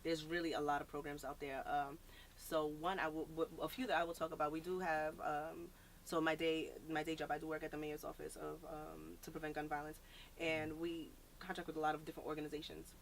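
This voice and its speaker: A woman's voice: low voice, fairly quick, slight background noise. A woman guest on a podcast, talking earnestly in a casual interview with loose fillers. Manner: earnest, animated, many "like" and "um" fillers. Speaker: podcast guest, nonprofit founder.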